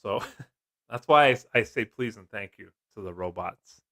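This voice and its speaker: A man's voice: fairly low pitch, animated, moderate pace, creaky, bright, forceful tone. A middle-aged man hosting a casual live stream, jokey and chatty, laughing often as he reads comments. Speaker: livestream host.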